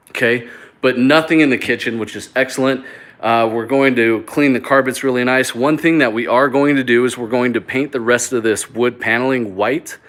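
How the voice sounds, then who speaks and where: Man, mid pitch, casual live walk-through host, chatty and rambling, phone mic indoors. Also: fairly bright tone. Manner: upbeat, rambling, many fillers and restarts. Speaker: mobile home flipper hosting a live stream. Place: indoors in a small mobile home.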